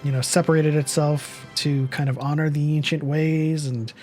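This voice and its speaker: Hesitant man thinking out loud. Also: fairly high pitch, little pitch movement, moderate pace, soft background music. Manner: musing, hesitant, thinking aloud. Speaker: podcast co-host. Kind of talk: casual chat.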